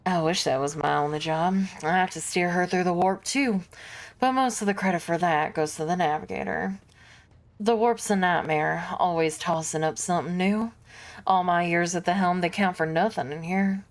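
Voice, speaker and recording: Lady putting on a gruff old-hand ship helmsman, fake southern drawl, kinda low, blunt and grumbly. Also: moderate pace, lightly acted. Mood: grumbling. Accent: put-on American Southern. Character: gruff veteran male starship helmsman. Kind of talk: reading game dialogue aloud.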